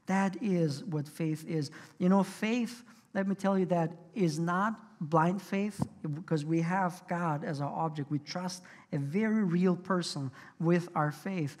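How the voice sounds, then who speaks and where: A man's voice: sits high, takes it slowly, darkish tone, in a large hall. A pastor delivering a sermon in an earnest, conversational way, often restarting his sentences. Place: church sanctuary.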